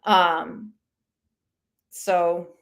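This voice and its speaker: A woman's voice: on the low side, little pitch movement, extremely slow. A woman hosting a live commentary stream in a casual, opinionated, conversational way, reading viewer comments aloud as she goes. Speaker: commentary channel host.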